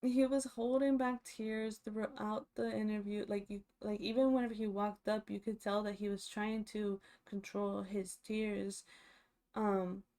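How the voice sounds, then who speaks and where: A woman's voice: mid-range voice, warm tone. A young woman casually recapping a reality TV episode, chatty and full of fillers and restarts.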